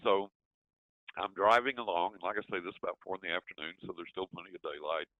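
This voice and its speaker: An older man, telling an animated story as an interview guest and acting out his own reactions. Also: deep voice, quick pace, dry recording. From West Texas. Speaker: guest, psychic. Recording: dry, tinny phone line.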